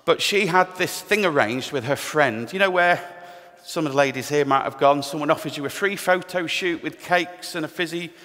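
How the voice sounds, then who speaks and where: A man's voice: on the high side, normal speed, few pauses, fairly bright tone. A middle-aged man from England telling his personal testimony at church, candid and self-deprecating with touches of humor. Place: church hall. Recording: long reverb of a church hall.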